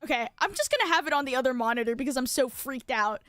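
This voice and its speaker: Young woman streamer, high bright voice, dry close mic, bubbly rambling chat. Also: animated, quick pace, no echo, faint music behind. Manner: bubbly, lots of filler words, jumps between topics. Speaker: VTuber streamer. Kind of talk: casual live-stream chat.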